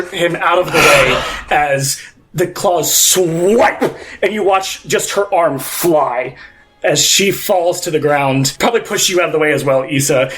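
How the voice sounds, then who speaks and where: A man's voice: fairly high pitch, a bit bright. A man narrating a tabletop game as game master, rambling with many fillers.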